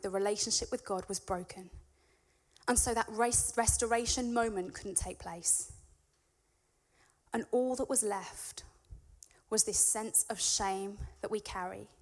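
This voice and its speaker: A woman preaching in a church, reading scripture and then explaining it in an earnest, conversational way that builds to emphatic peaks. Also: medium pitch. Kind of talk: sermon with Bible reading.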